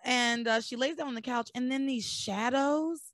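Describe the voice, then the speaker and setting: A woman hosting a podcast, recapping soap opera episodes in animated, sarcastic casual chat. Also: sits high, moderate pace, dry recording. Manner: animated storytelling with sarcastic asides.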